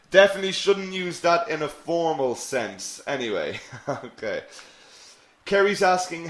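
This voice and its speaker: A man teaching a live online English lesson, slow and patient, who repeats phrases and answers viewers' questions. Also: medium pitch. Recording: echoey room.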